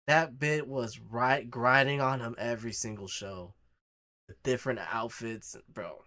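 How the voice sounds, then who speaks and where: A man's voice: mid-range voice, animated, normal speed, a bit bright. Young male reaction streamer, profane and mocking, casual delivery. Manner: crude, mocking, profane banter.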